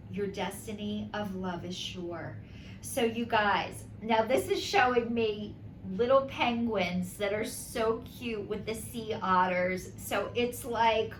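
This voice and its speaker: A woman casually reading oracle cards aloud and talking to her viewers in a chatty, emotional way. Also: medium pitch. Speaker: oracle card reader. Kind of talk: casual spiritual card reading. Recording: roomy with faint ambient noise.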